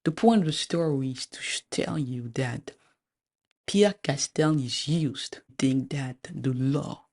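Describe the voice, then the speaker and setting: A woman lawyer giving a measured personal testimony, speaking deliberately with frequent pauses. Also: very deep voice, darkish tone. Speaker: lawyer recounting a personal legal dispute.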